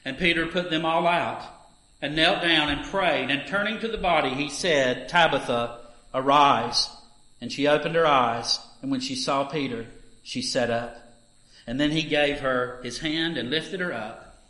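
Man, scripture reading, emphatic delivery, bright forceful tone, echoey room. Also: normal speed. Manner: emphatic reading that lifts in pitch and volume for the scripture. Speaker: scripture reader at a church service.

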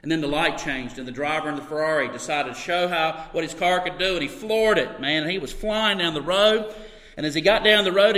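A man's voice: sits high, a bit bright. A man preaching a sermon to his congregation, telling stories with sudden bursts of emphasis. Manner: storytelling with bursts of emphasis and laughter. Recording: long hall reverb.

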